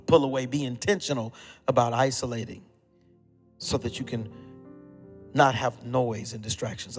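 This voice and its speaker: A man preaching a sermon as pastor, emphatic, repeating phrases and dropping suddenly to a hush. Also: medium pitch, in a large hall. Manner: emphatic preaching with repetition and sudden drops to quiet.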